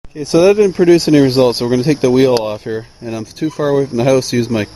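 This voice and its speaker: Outdoors beside a truck, away from the house, a DIY mechanic with a mid-range voice talks very fast while checking the truck's front end. He's relaxed and rambling, full of ums and uhs as he works, and the recording is noisy.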